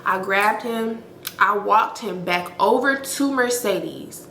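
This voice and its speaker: A woman of twenty-eight telling her viewers a story in a casual, blunt, animated way, swearing freely and calling them y'all. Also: mid-range voice, slow, a little hiss or hum. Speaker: storytime vlogger. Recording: echoey room.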